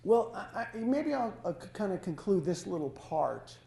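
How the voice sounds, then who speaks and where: Halting male life coach in an echoey hall. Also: sits high, big pitch swings, vocal fry, dark tone. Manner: halting, self-correcting, conversational. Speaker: life coach giving a talk. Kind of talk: live talk to a small audience. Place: lodge hall.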